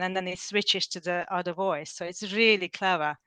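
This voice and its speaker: A woman's voice: medium pitch, fairly even intonation, a little fast, hardly any pauses, pushed and bright, clean tone, no echo. A woman chatting on a video call, hesitant and restarting as she explains. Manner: hesitant, restarting with short laughs. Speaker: participant. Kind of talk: casual group chat.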